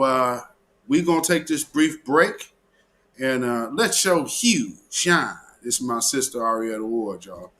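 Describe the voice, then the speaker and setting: A man's voice: medium pitch, fairly bright tone, a little hiss or hum. A man hosting a live stream in casual commentary, drawling and repeating words as he goes. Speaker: livestream host.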